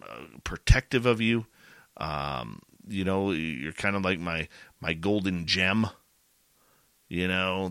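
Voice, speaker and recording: A man's voice: sits low, sharp tone, clean tone, no echo, clean studio sound. A man hosting a podcast, talking in an earnest, rambling way with many fillers. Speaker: podcast host. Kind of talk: casual heartfelt chat.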